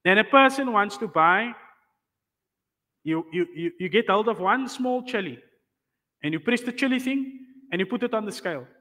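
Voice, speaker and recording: A man's voice: high-pitched, animated, normal speed, long pauses, pushed and bright, in a large hall. A man teaching a class on Islamic law, explaining patiently and often asking the students whether they follow. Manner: explains patiently, checks understanding with rhetorical questions.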